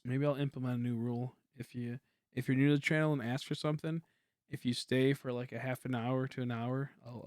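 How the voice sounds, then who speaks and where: A young man chatting casually on a game stream, quiet and rambling, humming between thoughts. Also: mid-range voice, steady tone, fast, dry recording, clean studio sound. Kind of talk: casual livestream chat while gaming.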